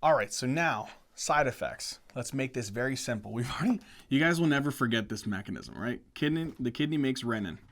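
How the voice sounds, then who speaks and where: Energetic man lecturing on pharmacology. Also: mid-range voice, a little fast. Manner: energetic, asks the class questions, says "right?" often. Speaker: medical lecturer. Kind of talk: whiteboard lecture.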